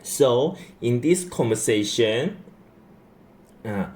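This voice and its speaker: A man teaching Chinese grammar in English, who repeats his key phrases and keeps checking in with "okay?". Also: slow pace. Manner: lively rising and falling pitch. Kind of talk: slow classroom explanation.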